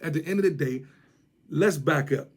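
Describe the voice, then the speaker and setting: A man's voice: fairly high pitch, moderate pace, husky. A man with a Washington DC area accent, ranting and mocking someone to camera in heavy street slang, repeating his jabs. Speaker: vlogger.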